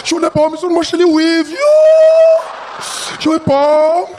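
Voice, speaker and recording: Frantic bomb victim, as a man puts him on, shouting, very high, panicked. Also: big pitch swings, slow, heavy background noise, heavily acted.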